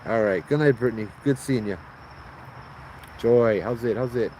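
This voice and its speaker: Outdoors at night by a road, a Hawaiian Pidgin-accented man from Hawaii tells ghost stories on a casual livestream, slangy and laughing as he goes. His mid-range voice is warm and moderately paced, and the rough recording carries a little hiss or hum.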